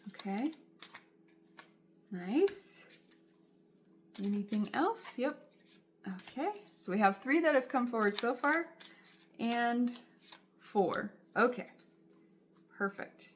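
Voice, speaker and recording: Slow, soothing woman reading tarot. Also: fairly high pitch, animated, slight background noise. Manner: soothing, reassuring, repeats phrases. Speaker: tarot reader. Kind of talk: spoken tarot reading to viewers.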